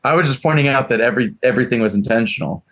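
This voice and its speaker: A man's voice: mid-range voice, rapid-fire, a bit bright. A man co-hosting a casual discussion, arguing his point emphatically. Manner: emphatic, argumentative. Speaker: podcast co-host.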